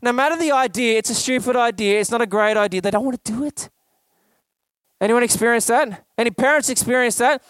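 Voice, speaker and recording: High-voiced man preaching. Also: brisk, a bit bright, dry recording. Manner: conversational, asks the congregation questions. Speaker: pastor. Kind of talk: sermon.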